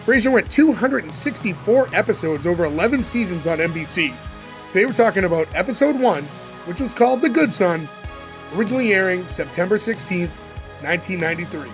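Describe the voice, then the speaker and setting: A high-voiced man hosts a podcast with upbeat, announcer-like intros. Faint music plays under his voice. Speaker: podcast host. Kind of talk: casual podcast chat.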